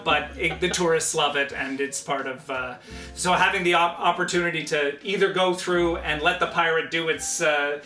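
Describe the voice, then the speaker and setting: A male game writer and voice actor chats animatedly and laughs often. His voice sits a bit high and bright. The room echoes, with soft music behind him. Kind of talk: casual chat.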